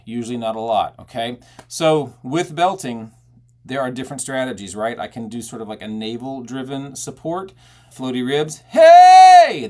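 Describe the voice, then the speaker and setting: A man teaching belting technique, talking casually and breaking into loud belted "hey" and vowel demonstrations. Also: mid-range voice. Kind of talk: vocal technique lesson with sung demonstrations.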